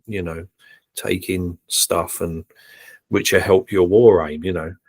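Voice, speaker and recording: A man trading casual, teasing remarks on a podcast panel. His voice sits a little low and sounds dry, with no room around it. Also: fairly even intonation, slow pace, dry recording. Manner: wry, teasing. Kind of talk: casual discussion.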